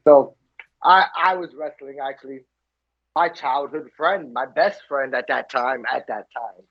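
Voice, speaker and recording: A man's voice: medium pitch, measured pace. A man co-hosting a podcast, telling his own stories eagerly and tripping over repeated words. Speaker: podcast co-host. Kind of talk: casual podcast chat. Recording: slightly muffled lo-fi audio.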